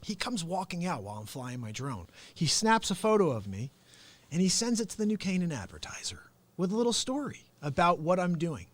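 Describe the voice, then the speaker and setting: A man's voice: high voice, sing-song, a little fast, no room sound. A man hosting his own unscripted live-stream talk show. He tells stories with lots of animation, laughs often, speaks straight to his viewers, and slips into comic impressions. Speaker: host and real estate agent.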